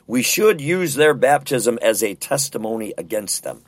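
Brief: man, mid pitch, earnest conversational Bible study leader, dry close recording. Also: big pitch swings, moderate pace, hardly any pauses, no room sound. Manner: earnest, conversational, asks rhetorical questions. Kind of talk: casual Bible study discussion.

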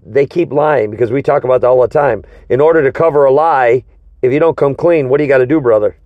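A man leading an informal Bible study conversation, teaching slowly and emphatically and asking his partner rhetorical questions. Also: medium pitch, dry recording, dull audio.

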